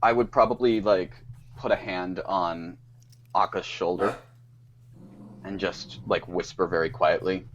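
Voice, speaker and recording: A man's voice: deep voice, steady tone, measured pace, long pauses, muffled recording, slight background noise. A man playing in a tabletop game, chatting eagerly and politely. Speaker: player. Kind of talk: casual game chat.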